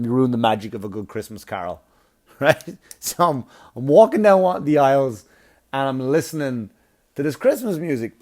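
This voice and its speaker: Profane man telling a comic story. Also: mid-range voice. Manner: profane, animated, laughs at his own story. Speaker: stand-up comedian.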